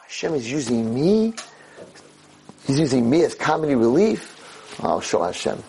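A man's voice: medium pitch, huge pitch swings, a little slow, gravelly, mellow, a little hiss or hum, heavily acted. A man doing a stubborn plain working man. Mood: indignant. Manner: indignant, emphatic.

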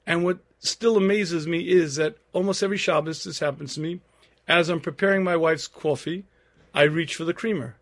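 A man in his fifties giving a Torah lecture, telling stories earnestly and clearing his throat often. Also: a little high.

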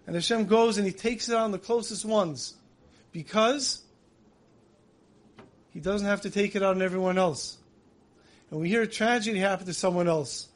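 A man giving a Tisha B'Av style sermon, telling a parable and acting out the dialogue, then slowly chanting lament verses. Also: high-pitched. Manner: storytelling, acts out dialogue in voices. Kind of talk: sermon with storytelling.

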